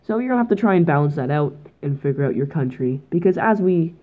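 A teenage girl from Canada hosts her own podcast alone, rambling and joking in a goofy, mock-dramatic way. Her voice sits low for a girl. The sound is thin and tinny, like a phone line. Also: animated, fast. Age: teens. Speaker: podcast host. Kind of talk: solo podcast chat. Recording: tinny phone-like home mic.

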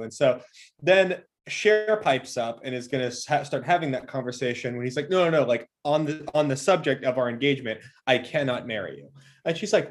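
A man's voice: medium pitch, brisk. A man co-hosting a movie recap podcast, chatting casually and cursing often, acting out the characters' lines as he retells scenes. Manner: profane, animated retelling with quoted voices. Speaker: podcast co-host.

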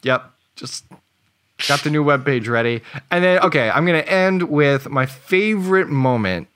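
A man's voice: fairly high pitch, expressive, normal speed, fairly bright tone, clear, resonant tone. A man co-hosting a casual movie podcast, reading out quotes with dry amusement. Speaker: podcast co-host.

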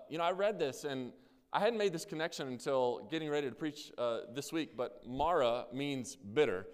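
A man's voice: mid-range voice, animated, fast talker. A man in his thirties preaching a sermon, casual and self-deprecating as he tells a family story. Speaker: pastor. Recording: hall with long reverb.

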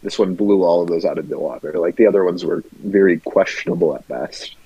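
A man's voice: sits low, brisk, husky, no echo. A young man co-hosting a casual podcast, rambling in a laid-back way with lots of filler words. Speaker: podcast co-host. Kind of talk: casual chat. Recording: dry, slightly muffled lo-fi audio.

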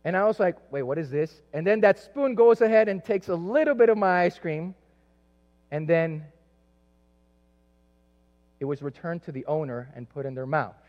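A man from South America preaches in a loose, storytelling style, full of asides and fillers. His voice sits high, and the recording is muffled and lo-fi. A long echo hangs in the hall around him. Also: moderate pace, long pauses. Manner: conversational and animated, many asides and fillers. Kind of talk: sermon with personal storytelling. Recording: echoey hall, dull lo-fi sound.

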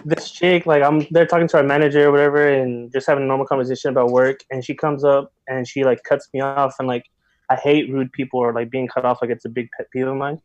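A man guest on a podcast, telling a story in casual chat, animated and full of slang and filler words. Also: mid-range voice, fast talker, no echo, muffled recording. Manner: animated, heavy slang, many filler likes.

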